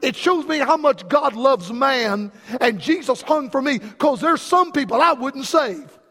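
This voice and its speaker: A man preaches to his church congregation. His voice sits very high, and he spins folksy stories while calling questions out to the crowd. A long reverb from the sanctuary trails behind every line. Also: animated, measured pace, vocal fry, pushed and bright. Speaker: pastor. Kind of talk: sermon.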